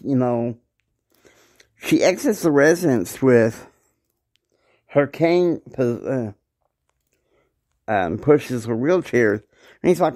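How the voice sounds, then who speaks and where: Man retelling a story casually, rambling and slow, mellow tone. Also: a little high, animated. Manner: rambling, many fillers and restarts.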